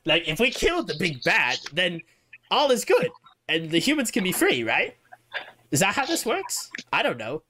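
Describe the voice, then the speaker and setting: A man voicing a jittery young male mechanic with a squeaky voice and stammering, nervous speech. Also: wildly swooping pitch, normal speed, a crowd in the background. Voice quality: squeaky, rat-like.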